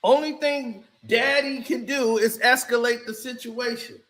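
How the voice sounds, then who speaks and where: A man doing casual, animated reaction commentary on a basketball clip, mocking and shouting as he reacts. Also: extremely high pitch, a little slow. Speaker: sports commentary streamer.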